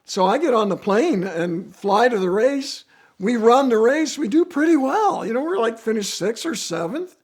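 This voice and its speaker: A man, a racer, telling a casual car story in an animated, storytelling way. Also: moderate pace. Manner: animated storytelling with swings in pitch and volume. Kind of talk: casual anecdote.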